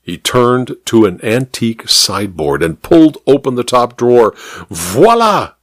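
Guy reading a mystery story out loud, bouncy voice, dead dry. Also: mid-range voice, expressive, normal speed, dry recording. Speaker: narrator. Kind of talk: scripted storybook narration.

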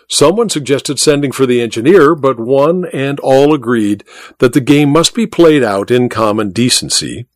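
A man narrating an audiobook in an expressive, storytelling manner. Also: mid-range voice, no echo, clean studio sound.

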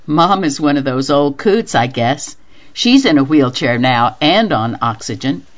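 A woman's voice: rumbling low, animated, unhurried, pitched below the performer's own voice. A woman reading an earnest, upset middle-aged woman. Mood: troubled. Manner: earnest, talkative, rising indignation. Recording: dull lo-fi radio reading.

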